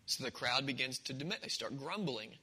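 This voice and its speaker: A man's voice: mid-range voice, expressive, a little fast, bright, forceful tone, breathy edge, rough recording. A man preaching a sermon in a conversational, storytelling way, acting out the scenes. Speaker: pastor.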